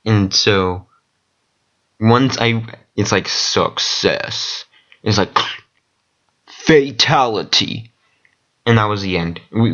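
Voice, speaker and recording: A man telling a rambling story in casual vlog style, excitable and profane, with lots of fillers. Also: fairly low pitch, highs cut off. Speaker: vlogger recounting dreams.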